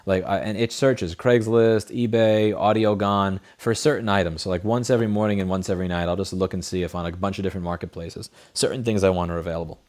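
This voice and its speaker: A man's voice: low voice, steady tone, fast, few pauses, a little mellow. A man hosting a casual livestream, reading viewer messages and telling blunt, profane, rambling stories. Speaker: livestream host. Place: home studio desk. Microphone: studio headset mic.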